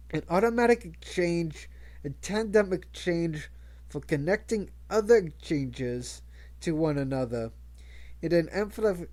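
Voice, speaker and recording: A reader narrating a novel aloud in a measured way, with occasional stumbles and restarts. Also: medium pitch, warm tone. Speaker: audiobook reader. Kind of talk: audiobook narration.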